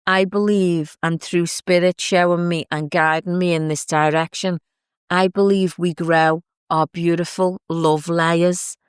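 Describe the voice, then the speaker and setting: A woman speaks in a low, even, very smooth voice. She talks gently and from the heart, unhurried, with soft asides along the way. The recording is close and dry, with no room sound. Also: no room sound. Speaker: podcast host and psychic medium. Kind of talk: reflective spoken talk.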